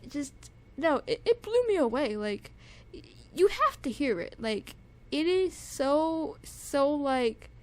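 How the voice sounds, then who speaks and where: Gushing high-voiced young woman reviewer. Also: big pitch swings, takes it slowly, a little mellow. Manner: gushing, repetitive, lots of "like" and restarts. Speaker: music reviewer. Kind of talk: excited casual music review.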